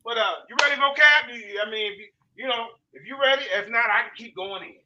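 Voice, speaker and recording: A man moderating an online debate on a video call, excitable and slangy. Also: very high-pitched, quick pace, lo-fi sound. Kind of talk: excited casual hosting.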